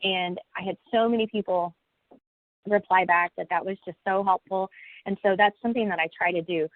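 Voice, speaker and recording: Heard through a video call, this American woman who teaches college classes joins a webinar panel with a medium-pitched, steady voice at a slightly fast pace. Her delivery is folksy and chatty, with plenty of fillers and restarts, and the recording sounds tinny and phone-like with no echo.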